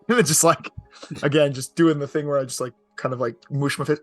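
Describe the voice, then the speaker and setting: Guy player, higher voice, goofy and chatty, light music under. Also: fairly even intonation. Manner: playful, laughing, quick asides. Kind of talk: tabletop game play.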